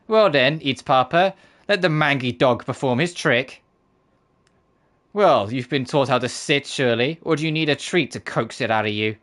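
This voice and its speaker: A man's voice: medium pitch, fairly bright tone, close to an everyday voice. A man doing a scornful old granny. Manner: cutting and mocking. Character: sharp-tongued, scornful old granny innkeeper. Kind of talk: reading game dialogue aloud with voices.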